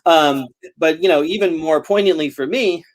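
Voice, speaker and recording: A novelist guest chats over a video call in a voice on the high side, at a moderate pace. He rambles casually and laughs often between fillers.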